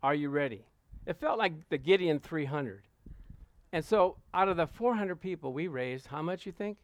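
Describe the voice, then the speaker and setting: A man preaching to a congregation, telling a lively anecdote and acting out the voices of the people in it. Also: on the high side, moderate pace, no room sound. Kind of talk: storytelling sermon to a congregation.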